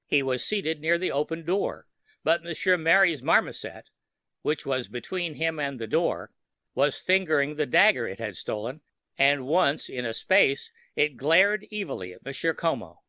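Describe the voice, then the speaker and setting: Bright-voiced man narrating horror. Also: on the high side, no room sound. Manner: steady, measured storytelling. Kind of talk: scripted horror narration for sleep.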